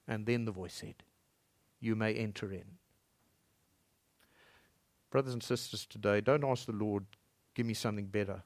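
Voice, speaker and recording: A man preaching a sermon as pastor in a church, swinging between loud emphatic lines and soft low passages. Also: steady tone, moderate pace, pauses often, dry recording, studio quality.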